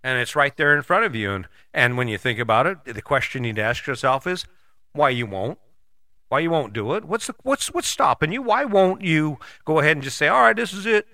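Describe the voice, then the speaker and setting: A man in his sixties hosts a podcast with a brisk, animated monologue of blunt, folksy motivation, his mid-range voice bright and forceful. He swears casually and hops between voices for imagined people, captured in a dry, clean studio recording.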